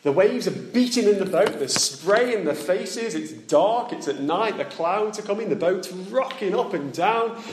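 A man preaching a sermon in plain words, asking his listeners direct questions and dropping soft and low on solemn points. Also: animated, unhurried, a little hiss or hum. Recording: echoey room.

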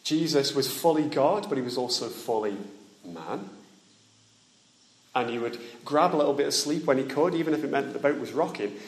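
A man preaching a sermon in a church, his voice ringing in the room. He talks plainly, at an everyday middle pitch, and often turns to his listeners with direct questions. On the weightiest points he sinks soft and low. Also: animated, moderate pace. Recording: echoey room.

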